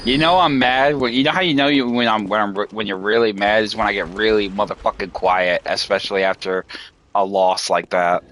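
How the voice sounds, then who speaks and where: A man's voice: lowish voice, brisk, few pauses, a bit bright, slight background noise. Angry swearing man streaming a game. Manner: frustrated, swearing, repeating himself. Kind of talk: gameplay commentary.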